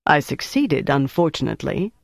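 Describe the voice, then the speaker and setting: A man reading an audiobook, voicing a composed officer who speaks in a cool, firm, measured way. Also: a little high, very animated, creaky, no room sound, clean studio sound. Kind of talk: audiobook character voice.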